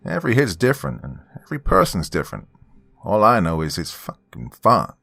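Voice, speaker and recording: A man's voice: deep voice, wildly swooping pitch, a little fast, vocal fry, sharp tone, heavily acted. A man voicing a laid-back young male stoner buddy who talks in a casual, slangy drawl.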